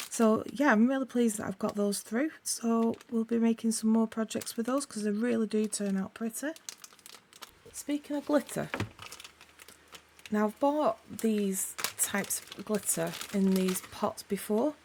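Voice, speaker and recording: A woman with a sore, croaky throat, chatting casually as she unboxes craft supplies for her channel, rambling and correcting herself as she goes. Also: a little high, unhurried, darkish tone, a little hiss or hum.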